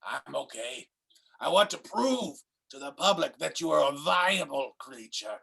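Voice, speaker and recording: Guy doing a slow gravelly mad doctor, fussy and dramatic, stammers a lot. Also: a little high, lively intonation, sharp tone, exaggerated voice. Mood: flustered. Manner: melodramatic, bursts into cries, stammers. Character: doting, fussy mad scientist, man. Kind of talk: improv comedy.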